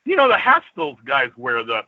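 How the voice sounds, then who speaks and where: A man's voice: medium pitch, huge pitch swings, moderate pace, no room sound. A man calling in to a talk show, joking, giggling and meandering through his thoughts. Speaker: caller. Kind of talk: casual call-in chat. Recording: lo-fi dry phone-in audio.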